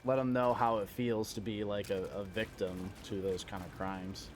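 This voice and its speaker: A man's voice: lowish voice, flat delivery, normal speed, background noise. A young man chatting casually while streaming a game, rambling, self-deprecating and swearing often. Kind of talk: casual live-stream chat while gaming.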